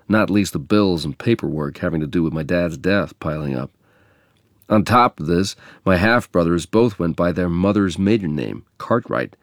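A man from England narrating a memoir in a measured, reflective reading. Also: low-pitched, dry recording, studio quality.

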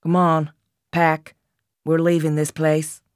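A woman voicing a teenage boy who speaks with calm, firm authority. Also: sits low, slow, no room sound, studio quality. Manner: steady and authoritative. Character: calm, commanding teenage older brother.

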